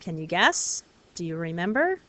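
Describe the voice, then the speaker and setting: A woman teaching a recorded lesson, explaining clearly and patiently, step by step. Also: lowish voice, big pitch swings, normal speed, a bit bright. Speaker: French teacher.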